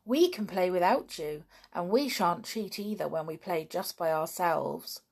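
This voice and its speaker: A frank young girl from a storybook who tells her friend off bluntly, as a woman reading puts her on. Her voice moves a lot in pitch and she takes her time. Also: lively intonation, unhurried, gravelly, darkish tone, heavily acted.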